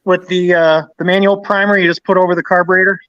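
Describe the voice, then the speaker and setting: A man with a high-pitched voice walks steadily through a list of parts in a casual live-stream chat. His methodical delivery is captured dry and somewhat dull, as on a lo-fi setup, with little room sound. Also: flat delivery, quick pace, a bit bright, no room sound. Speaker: host showing his small-engine collection. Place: home garage.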